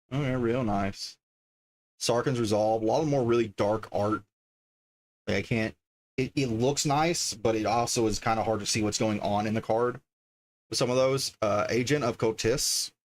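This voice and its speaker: A man's voice: medium pitch, normal speed. A man casually chatting on a livestream as he opens card packs, reading card names aloud and easily delighted by the art. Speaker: streamer opening card packs.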